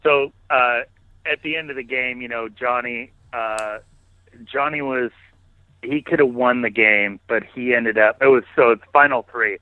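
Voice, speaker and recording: A man, a podcast guest, telling stories in casual, animated interview talk. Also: medium pitch, a little slow, no room sound. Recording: phone-like narrow line, dry.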